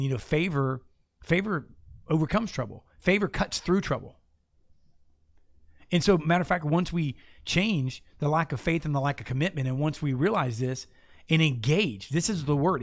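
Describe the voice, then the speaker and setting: A man hosting a casual faith talk, preaching with animated, playful asides. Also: a little high, moderate pace, no echo. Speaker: podcast host and preacher.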